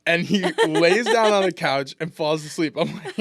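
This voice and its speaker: A man in his twenties who plays lineman in pro football recounts funny stories in a relaxed interview, with lots of restarts. His voice is on the high side with a fairly bright tone and normal speed, and a little hiss or hum can be heard.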